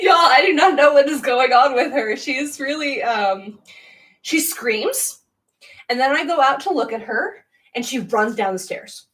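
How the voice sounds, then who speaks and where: A woman's voice: high-pitched, expressive, unhurried, fairly bright tone, far from the mic. A young woman hosting a casual livestream from a spare room at home, chatty and giggly, laughing often. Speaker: livestream host. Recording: roomy sound, voice away from the mic.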